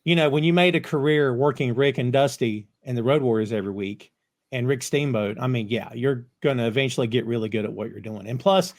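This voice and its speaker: A man hosting a casual podcast chat who tells animated anecdotes. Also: mid-range voice, fairly quick. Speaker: podcast host.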